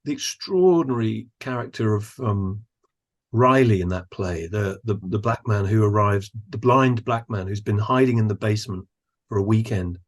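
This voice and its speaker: A man, a guest on a podcast, who talks thoughtfully and admiringly, often pausing to search for words. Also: fairly low pitch. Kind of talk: thoughtful conversational discussion.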